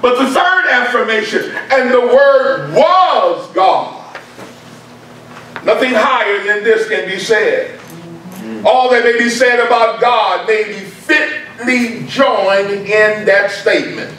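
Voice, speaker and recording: High-voiced man preaching in an echoey church. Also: measured pace, bright, forceful tone, a little hiss or hum. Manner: emphatic, repeats key points for stress. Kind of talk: sermon. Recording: very echoey room, mic far off.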